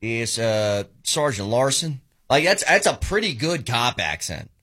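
A man co-hosting a casual talk radio show, sharing quick, chatty anecdotes. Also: mid-range voice, big pitch swings, sharp tone, slightly rough. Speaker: radio co-host.

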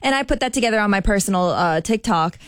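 A woman co-hosting a radio show, telling stories in a relaxed way. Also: medium pitch, fast, clear, resonant tone, dry recording, clean studio sound. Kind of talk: casual radio chat.

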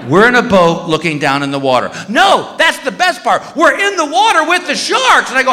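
Animated, high-voiced male stand-up comic. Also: fairly quick, hardly any pauses, noisy background. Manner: animated, acting out shrieks and voices. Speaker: stand-up comedian. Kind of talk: stand-up storytelling. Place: large hall on stage. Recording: echoey hall reverb.

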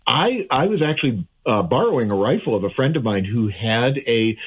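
A man who is an audiologist, calling in to a radio show and chatting in a halting way with many restarts. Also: medium pitch, sing-song, breathy edge. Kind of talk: casual radio chat by phone. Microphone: remote call-in line. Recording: tinny phone line.

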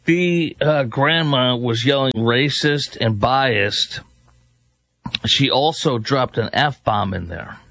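A man's voice: mid-range voice, slow, gravelly, background noise. A man hosting a commentary show, scornful and sarcastic as he reacts to clips. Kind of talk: opinionated news commentary.

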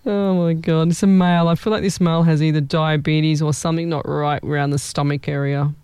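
A woman's voice: deep voice, little pitch movement, a little fast, darkish tone, smooth, dry recording. A woman hosting a live-stream as a psychic medium, chatty and rambling, often repeating her words. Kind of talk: live-stream readings for viewers.

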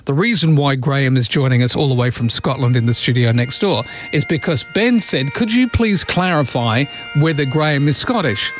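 A man hosting a radio show, bantering casually and slipping into quick celebrity impressions. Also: medium pitch, lively intonation, a bit bright, soft background music. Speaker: radio host. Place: radio studio.

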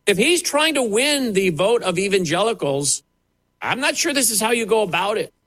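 A man's voice: high-pitched, big pitch swings, normal speed, fairly bright tone, no echo, poor audio. A man giving pointed, sarcastic opinion commentary on air, talking in a loose conversational way. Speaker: radio commentator.

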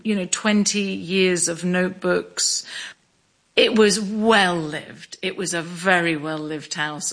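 A middle-aged woman from Scotland telling her story in an interview, measured, with small restarts. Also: mid-range voice, fairly bright tone. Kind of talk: reflective interview.

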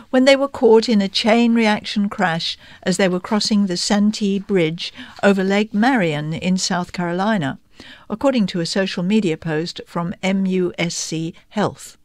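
A woman reads news stories aloud in a steady, plain way at a middle pitch. The recording is close and dry, with no room sound. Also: no room sound. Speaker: news reader.

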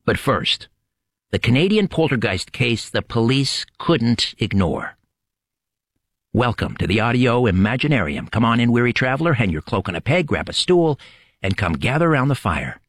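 A man hosting a late-night radio show, opening with dramatic, measured storytelling narration. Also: mid-range voice, very animated, dry recording.

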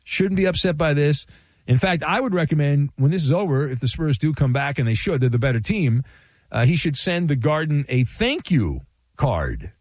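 Animated, wry sports radio host man. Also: fairly high pitch, normal speed, dry recording. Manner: playful, wry, rhetorical and animated. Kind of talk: call-in sports talk radio monologue.

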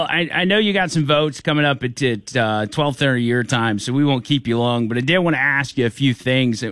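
A man's voice: mid-range voice, fairly bright tone, dry recording. A man hosting a talk radio show, upbeat and folksy as he interviews a guest. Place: radio studio.

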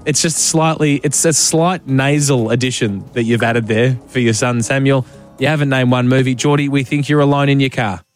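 Teasing Australian radio host. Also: male voice, medium pitch, moderate pace, faint music behind. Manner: easygoing, teasing, laughs often. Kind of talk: breakfast radio banter.

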